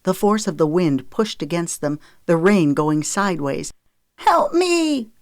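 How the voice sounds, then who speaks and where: Measured audiobook narrator, dry studio sound. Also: mid-range voice, dry recording. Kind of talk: scripted narration of a romance novel.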